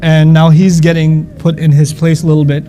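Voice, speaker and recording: A man teaching Quran commentary, reciting Arabic verses and explaining them in a conversational way with quick asides and restarts. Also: fairly high pitch, level tone, mellow, soft background music.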